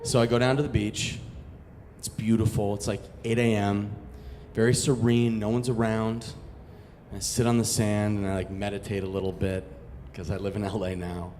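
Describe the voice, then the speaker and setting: A man's voice: lowish voice, flat delivery, normal speed, darkish tone, in a large hall, a little hiss or hum. A man from Massachusetts telling a story on stage in a casual, profane, self-mocking way. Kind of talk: live storytelling.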